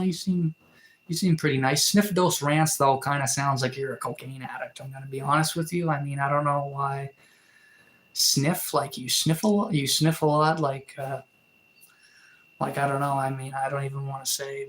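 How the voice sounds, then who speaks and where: A young Canadian man chatting casually on a live stream, rambling with lots of fillers and restarts while reading out comments. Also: a little high. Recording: roomy echo.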